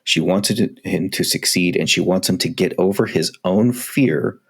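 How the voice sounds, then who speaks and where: A man with a very low voice and a gravelly, fry-laden edge talks frankly on a podcast. His tone is husky rather than clean, and he is self-critical and quick to swear. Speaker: podcast co-host. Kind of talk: casual podcast conversation.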